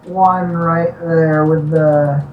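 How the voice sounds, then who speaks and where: A man's voice: fairly high pitch, little pitch movement, very slow, narrow, tinny audio, crowd noise. Guest: man, studio head, upbeat and jokey, far off the mic in a roomy space, faint hiss. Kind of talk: casual interview over a call. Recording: distant echoey mic with faint noise.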